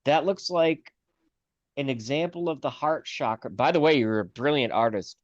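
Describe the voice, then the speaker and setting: A man's voice: mid-range voice, moderate pace, no room sound. A man from the US chatting as a guest on a livestream call, joking and wandering off in asides. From United States. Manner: wry, joking, talks in meandering asides. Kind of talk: casual call-in chat. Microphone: video call. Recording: dry, dull lo-fi call audio.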